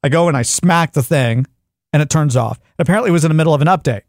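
Male podcast host, fast comic storyteller, slightly high voice, dry studio sound. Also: no room sound. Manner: animated storyteller, acts out yelling at devices. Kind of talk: casual chat, comic storytelling.

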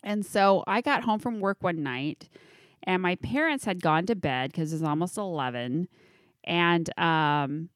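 A middle-aged woman tells a story in casual conversation, acting out the other voices and swearing freely. Her voice sits a little low and is recorded dry and close. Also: animated, a little slow, no echo. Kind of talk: casual chat.

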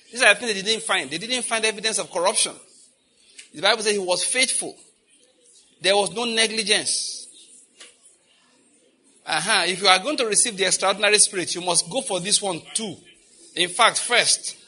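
A man preaches with a very bright, ringing voice that sits a little high. He is fervent, calling out to God between points and getting the congregation to repeat lines back to him. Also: moderate pace. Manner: fervent, with prayerful exclamations. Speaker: prayer teacher. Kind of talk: sermon with call-and-response.

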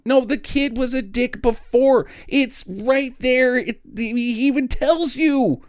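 A podcast co-host in casual comedic chat, retelling a film sarcastically with quick mock voices, swearing and laughing often. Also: high-pitched, dry recording, studio quality.

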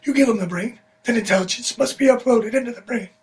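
A man who is the show's engineer, chiming into improvised comedy banter in a brisk, contrarian, know-it-all way. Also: very high voice, husky. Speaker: audio engineer on the show.

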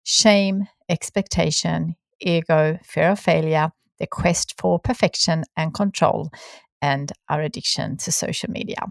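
A woman's voice: sits low, fairly even intonation, unhurried, vocal fry, no echo, clean studio sound. A woman hosting a podcast interview, effusive and eager with her guest. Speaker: podcast host.

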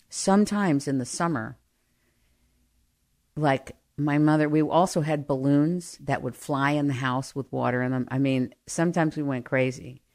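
A woman telling personal family stories in an animated way, often laughing. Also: rumbling low. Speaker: storyteller. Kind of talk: personal storytelling monologue.

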